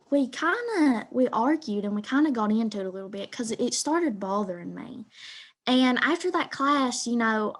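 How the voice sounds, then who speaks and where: A teenage girl with an Eastern Kentucky accent, retelling a partner's story in first person, hesitant with frequent ums and pauses. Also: a little high, fairly bright tone. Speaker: student storyteller.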